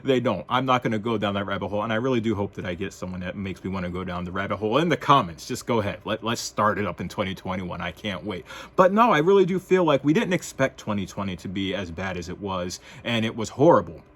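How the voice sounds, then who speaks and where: A man's voice: lowish voice, expressive, quick pace, a bit bright, breathy edge. A man from the United States, giving wry, sarcastic opinion commentary in a casual vlog. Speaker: vlogger.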